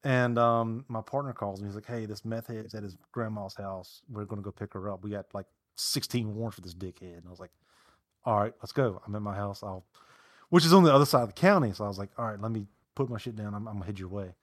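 A man with a Southern American accent, a podcast co-host telling profane stories in casual chat, jumping into loud quoted voices. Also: on the low side, fast, dry recording. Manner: profane, animated storytelling with loud acted quotes.

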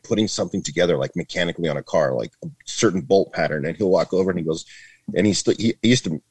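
Man, 50s, from Northern California, retired agent and podcast guest; deep voice, dry booth sound, rambling and animated. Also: husky, dry recording. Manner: chatty, heavy with "like" and "man", acts out quoted voices. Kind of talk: casual interview storytelling.

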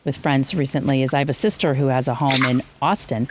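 Animated woman talking real estate on radio. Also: brisk, background noise. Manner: animated, restarts often, lively rising pitch. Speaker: real estate agent guest. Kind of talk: radio talk show chat.

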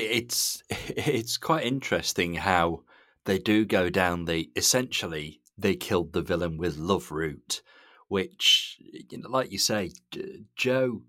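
A man with a very low voice chats casually on a podcast, relaxed and easygoing. The sound is close and dry, with no room echo. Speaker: podcast co-host.

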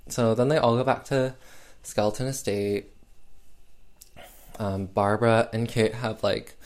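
A man with a lowish voice walks through a movie plot at an unhurried, drawling pace. He peppers it with filler words and dry, sarcastic asides. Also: fairly even intonation, a little mellow. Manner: sarcastic, filler-heavy with lots of "um" and "like". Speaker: film recap host. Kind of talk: casual film recap.

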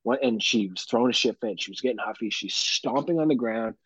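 Podcast dad, husky, swears freely, dull lo-fi sound. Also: male voice, mid-range voice, a little fast, dry recording. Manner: profane, animated storytelling with mock-dramatic quotes. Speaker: podcast host. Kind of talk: casual storytelling chat.

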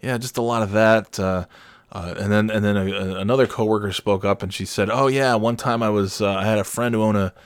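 A male podcast host tells a rambling, self-deprecating story in casual chat, acting out quotes in high, yelling voices. He speaks briskly with a steady, clean tone, and there's no echo.

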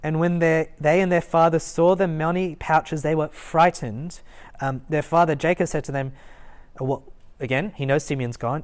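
A young adult gives an informal Bible talk at a student meeting, pitched in the middle range. The delivery is relaxed and conversational, full of fillers, restarts and small chuckles as the story is retold. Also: moderate pace. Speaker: student ministry Bible teacher. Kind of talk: casual expository Bible talk. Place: lecture room at a student meeting.

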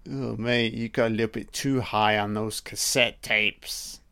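This man's voice is lowish and creaky yet clear and resonant, and he keeps a measured pace. Seeing a film for the first time, he delivers a sarcastic solo commentary, profane and mocking, with deadpan remarks thrown in.

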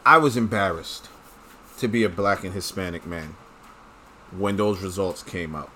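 A man's voice: deep voice, a little slow, bright, forceful tone, a little hiss or hum. A man talking straight to his audience in a casual, blunt and profane rant, full of strong opinions. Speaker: commentator. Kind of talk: casual ranting monologue.

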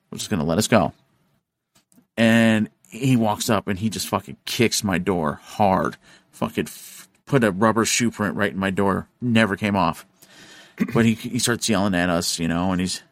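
A man hosting a podcast, telling a story in casual chat, animated and profane, acting out the voices of the people in it. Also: lowish voice, no room sound. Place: studio.

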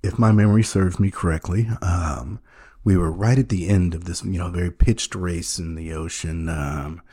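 A man with a low, husky voice hosts a podcast in a long, rambling monologue. He sounds sincere but is half joking, stalling on ums and restarting his sentences. His tone stays dark and mellow the whole way. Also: steady tone. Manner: halting, full of ums and restarts, mock-earnest. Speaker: podcast host.

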